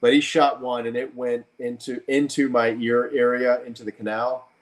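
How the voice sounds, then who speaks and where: A man's voice: medium pitch, level tone, moderate pace. A man hosting a podcast, telling a long story in casual chat with many restarts.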